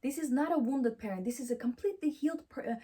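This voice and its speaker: A woman's voice: high-pitched, quick pace, mellow, breathy edge. A woman giving a motivational self-help talk, emphatic and affirming, who repeats encouraging phrases and speaks English with slightly non-native grammar.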